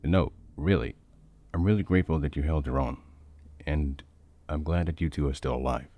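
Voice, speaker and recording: A man voicing a quiet, serious young man who can summon a monster, soft-spoken and understated, for a fan-made audio story. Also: rumbling low, moderate pace.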